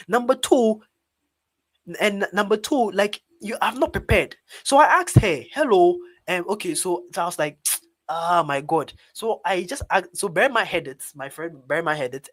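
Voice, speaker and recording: A Ghanaian man with a fairly high voice tells a story in an online public speaking webinar. He speaks in an animated, lively way, calling his listeners "guys" as he goes. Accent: Ghanaian English. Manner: animated, talks directly to his audience as "guys".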